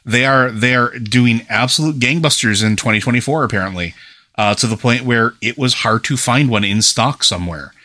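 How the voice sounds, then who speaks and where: In a clean studio recording with no echo, a man co-hosting a podcast talks at normal speed in a mid-range, pushed and bright voice. The conversation is a casual chat, and he rambles with lots of fillers.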